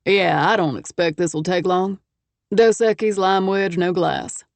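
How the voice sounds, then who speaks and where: A woman narrator performs a rugged Texan businessman in an audiobook, speaking with a lazy, amused Texas drawl. His voice sits low and easy, and the read is dry and close to the mic. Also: a little slow, creaky, dry recording. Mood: easygoing. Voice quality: easygoing, wry drawl. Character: confident Texan millionaire man, easy drawl.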